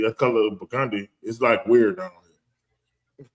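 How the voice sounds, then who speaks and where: A man's voice: mid-range voice, a little fast, rough recording. A man with a New Orleans accent, co-hosting a sports podcast in casual, profane chat, laughing often. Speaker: podcast co-host.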